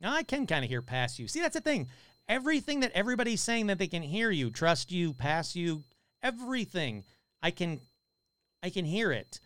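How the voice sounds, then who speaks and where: An excitable man hosts a live paranormal podcast in a casual, chatty way, reading out comments from his listeners. His voice sits fairly high and comes across smooth and resonant. The sound is dry and close, with no room echo. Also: moderate pace. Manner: excitable, casual, swears a lot.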